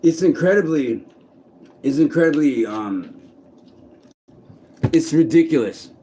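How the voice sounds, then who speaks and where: Man vlogging outdoors, halting and blunt. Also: fairly high pitch, animated, mellow, slightly rough. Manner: halting, frequent restarts and swearing. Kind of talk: candid personal monologue. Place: outdoors in a city park.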